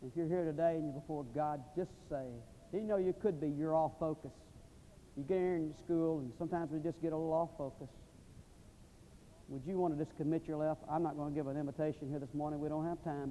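An American man preaching at a seminary chapel, telling a mission story and praying with emphatic swings from loud to hushed. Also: a little high, fairly even intonation, fairly quick, slight background noise. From United States. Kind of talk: sermon with storytelling and prayer. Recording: long reverb of a large hall.

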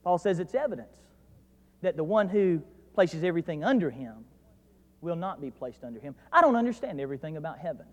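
A man with a North Georgia accent preaching a sermon as pastor, dropping to quiet asides and then rising to loud, emphatic declarations. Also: a little high, big pitch swings, fairly quick. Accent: North Georgia Southern US. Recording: preached in a reverberant hall.

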